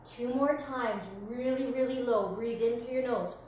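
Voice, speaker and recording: Woman, high voice, kids' yoga instructor, playful and gentle, very echoey room with faint noise. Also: normal speed. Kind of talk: guided children's yoga class.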